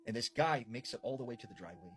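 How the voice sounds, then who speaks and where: A man casually retelling a paranormal story, conversational and animated, with frequent fillers. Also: medium pitch, very fast, a little hiss or hum, low-quality recording. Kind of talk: casual spoken scary storytelling.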